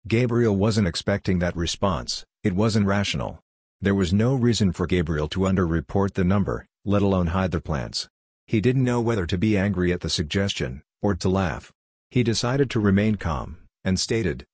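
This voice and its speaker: A man narrating a science fiction story in a measured, even audiobook style with a husky voice. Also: sits low, no echo, studio quality.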